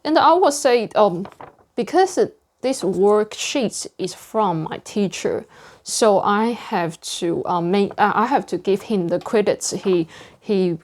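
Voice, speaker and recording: A woman who is not a native English speaker leads a casual pronunciation practice. She talks at an unhurried pace and sounds out each word deliberately. Her voice sits in an ordinary middle pitch. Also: expressive, a little mellow. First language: non-native English speaker. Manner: speaks slowly and deliberately, over-articulating word endings. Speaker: pronunciation learner sharing lessons. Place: indoor room with a whiteboard. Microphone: camera close to the face.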